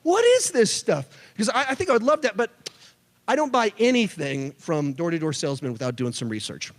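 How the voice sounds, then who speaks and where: A youth pastor in his thirties preaches to students in a church hall, his fairly high voice moving quickly through the long hall reverb. He's an animated storyteller who drops in jokey asides.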